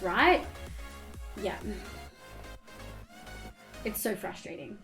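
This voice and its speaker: A woman's voice: mid-range voice, normal speed, soft background music. Chatty Australian woman streaming a game. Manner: chatty, candid, swears casually, reads chat aloud. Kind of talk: casual chat while gaming.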